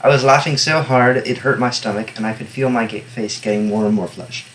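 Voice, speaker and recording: A man at an ordinary middle pitch reads a novel aloud, carrying the first-person narration at an even, unhurried pace. He breaks off now and then for dry, casual remarks on the text before sliding back into the story. A faint hiss sits under his voice. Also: low-quality recording. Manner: steady first-person narration broken by wry, offhand asides. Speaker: reader and annotator. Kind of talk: reading a novel aloud with commentary.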